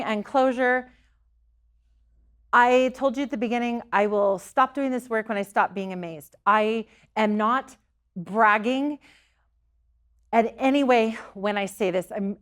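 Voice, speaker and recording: A middle-aged woman giving an earnest talk to a local group, telling stories and sometimes repeating herself. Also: fairly high pitch. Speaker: psychic medium giving a talk.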